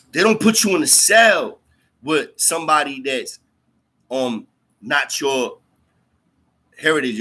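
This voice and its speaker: A man's voice: fairly high pitch, bright, forceful tone. A man telling a story in casual, slangy speech full of fillers and profanity. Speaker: storyteller recounting jail time.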